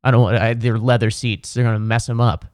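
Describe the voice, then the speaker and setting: A man's voice: medium pitch, little pitch movement, a little fast, darkish tone, clean tone, no room sound, clean studio sound, lightly acted. A man quoting a rude, touchy young male rideshare driver with a blunt, dismissive manner.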